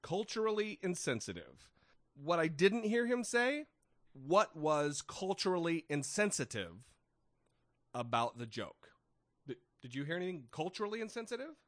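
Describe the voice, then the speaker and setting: A man's voice: on the high side, sing-song, normal speed, dry recording, studio quality. A man co-hosting a podcast in casual, opinionated chat, blunt, sarcastic and profane as he rants. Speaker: podcast co-host.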